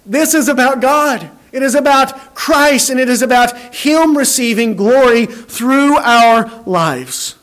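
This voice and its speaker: A man preaching a sermon, animated, acting out quoted dialogue and often repeating words as he starts a phrase. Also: extremely high pitch, slow, few pauses.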